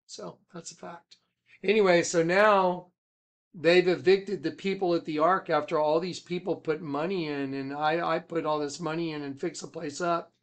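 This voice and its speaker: A man who leads a ministry, telling a rambling personal story with emphatic swings from loud to hushed. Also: fairly high pitch, fairly even intonation, normal speed. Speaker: ministry leader.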